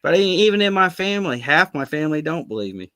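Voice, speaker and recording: A man, a guest on a live video-call chat who tells stories in an animated, laughing way. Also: fairly high pitch, quick pace, dry recording. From Florida Panhandle, US. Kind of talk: casual live-stream chat. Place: remote, joining a video call.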